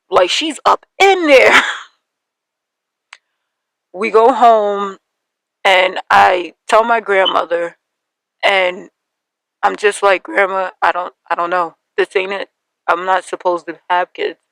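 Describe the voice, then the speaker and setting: A young woman hosting a podcast, telling a personal story in an animated way and acting out the voices of her family. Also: mid-range voice, gravelly, no room sound, rough recording. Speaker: podcast host.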